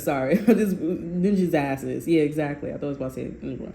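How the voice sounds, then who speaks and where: A woman's voice: deep voice, fairly quick. Blunt, profane woman reading tarot. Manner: blunt, profane, animated storytelling. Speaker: tarot reader. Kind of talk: casual tarot reading monologue. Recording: echoey room with faint ambient noise.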